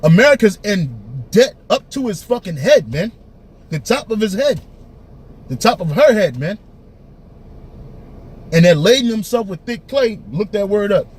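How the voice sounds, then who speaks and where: A man with a high, husky voice preaching in a blunt, emphatic way. He keeps tagging sentences with "man" and circles back to repeat his points. His delivery is loose and conversational, yet it hammers each point home. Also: big pitch swings, unhurried, pauses often, a little mellow. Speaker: teacher. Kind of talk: preaching street-style commentary.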